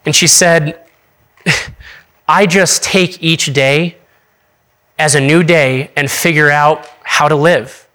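A man's voice: on the high side, fairly even intonation, takes it slowly, pauses often, sharp tone. A young adult man, an associate pastor, preaching in a casual storytelling way, laughing often and restarting his sentences.

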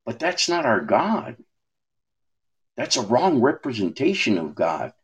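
A man talking about his faith in a relaxed way, asking rhetorical questions and often restarting his words. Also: medium pitch, unhurried. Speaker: minister. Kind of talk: preaching conversation.

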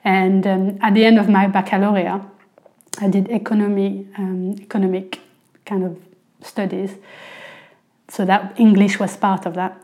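A woman's voice: mid-range voice, little pitch movement, normal speed, pauses often, dark tone. A woman from France in her forties with a French accent, chatting casually as an interview guest, with lots of "you know" fillers.

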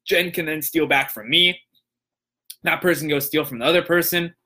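A man's voice: a little high, moderate pace. A young man hosting a show, casually telling a long story and acting out the people in it. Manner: animated, acts out voices in quotes. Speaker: podcast host, motivational speaker.

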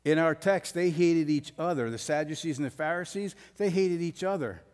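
A man preaching a sermon verse by verse, blunt and emphatic, pushing his voice up to forceful peaks. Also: on the high side, normal speed. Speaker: pastor. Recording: long hall reverb.

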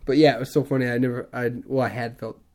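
A man's voice: mid-range voice, fast. A man in his thirties, a podcast co-host, telling stories in casual chat and acting out other people's lines. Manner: animated storyteller, acts out other people's lines.

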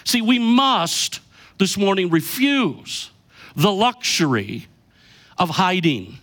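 A middle-aged pastor preaching a sermon with emphasis, slowing down to stress key lines. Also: male voice, high-pitched, sing-song, fairly bright tone.

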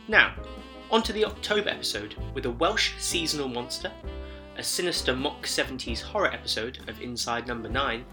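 A man hosting a podcast, reading a scripted narration in a measured, storytelling way while his voice sounds slightly deep and sick from a head cold. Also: music in the background. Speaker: podcast host.

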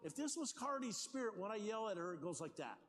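An older man preaching a sermon as pastor, talking in a conversational, animated way with folksy asides. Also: high voice, fast talker, a little hiss or hum. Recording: long hall reverb, faint ambience.

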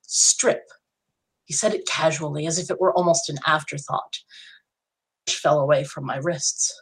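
A woman's voice: sits low, fairly even intonation, moderate pace, breathy edge. A woman narrating a first-person fantasy story in an intimate, dramatic reading style.

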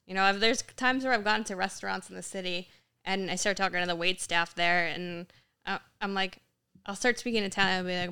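A young woman in casual podcast chat, telling animated stories and acting out the people she quotes. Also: medium pitch, fast, gravelly, clear, resonant tone. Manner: animated storyteller, acts out quotes in Italian.

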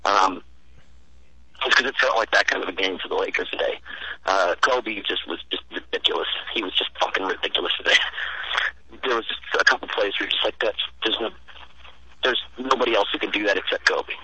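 A man's voice: fairly low pitch, brisk, bright, forceful tone, slightly rough, no room sound. A man calling in to a casual sports chat, teasing and rambling through his analysis over the phone. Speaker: caller, sports fan. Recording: tinny phone line.

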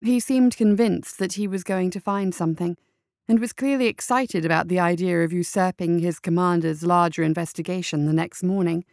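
A woman narrating a story as an audiobook, in a measured, even storytelling manner. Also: fairly low pitch, no room sound, studio quality.

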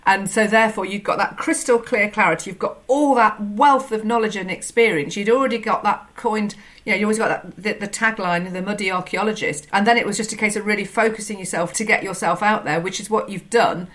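A woman's voice: mid-range voice, brisk, hardly any pauses, a bit bright. A woman hosting an interview, full of enthusiastic praise for her guest and asking rambling questions. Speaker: interview host. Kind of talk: conversational interview.

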